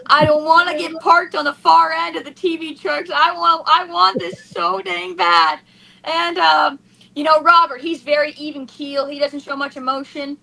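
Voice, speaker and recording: A woman's voice: high voice, moderate pace, creaky, rough recording. A young woman racing driver, gushing and tearful in an emotional post-race interview. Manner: excited, gushing, breathless with emotion.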